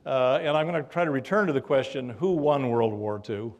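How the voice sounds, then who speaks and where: A man's voice: medium pitch, fairly quick, a little mellow. An older man, a history professor, giving a public lecture in a room with an audience, telling anecdotes with a wry, dry humor and frequent fillers.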